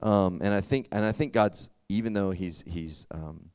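A young male preacher talks to a youth crowd as if chatting with friends, full of fillers and quick check-ins. His voice sits a little low and sounds smooth. The recording is dry and close. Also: darkish tone, dry recording. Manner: conversational, filler-heavy, often asks "does that make sense?". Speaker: youth pastor. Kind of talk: casual sermon.

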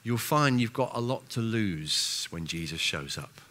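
A senior pastor preaching a sermon in an animated, self-mocking way, with frequent restarts and big swings between loud and soft. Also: male voice, on the low side, unhurried.

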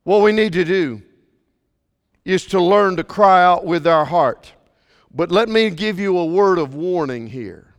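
A man preaching a sermon, swinging from fervent, raised delivery to quiet asides while reading scripture. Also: high voice, lively intonation, a little slow, long reverb tail. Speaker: pastor.

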